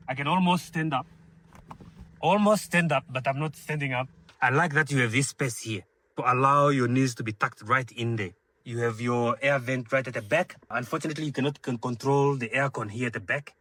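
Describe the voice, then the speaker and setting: Talking a little fast in a mid-range voice, a man tours a car with obvious enthusiasm. He points out features with frequent fillers, calling his viewers ladies and gentlemen.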